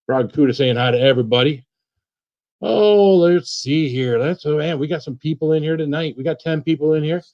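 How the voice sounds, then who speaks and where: Live stream host, male, slightly higher voice, easygoing chat, greets everyone by name. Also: brisk, few pauses, muffled recording. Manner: greets viewers by name, repeats himself, relaxed and chatty.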